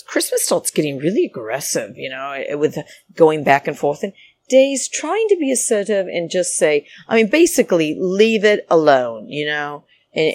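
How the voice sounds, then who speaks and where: Woman recapping a reality show; deep, gravelly, chatty and indignant. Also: darkish tone. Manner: chatty, rambling, indignant asides. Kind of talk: casual chat recap.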